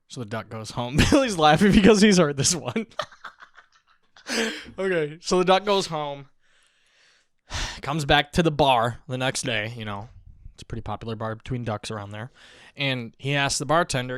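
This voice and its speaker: A young man co-hosting a podcast, telling a joke in casual chat, laughing often and jumping into high voices for his characters. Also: expressive, normal speed, no room sound, studio quality. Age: young adult. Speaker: podcast co-host. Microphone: close podcast mic.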